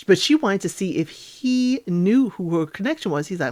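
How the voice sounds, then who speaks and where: A woman hosting a casual reality TV recap, chatty and animated, acting out the cast members' lines in playful voices. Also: mid-range voice, slow pace, pauses often.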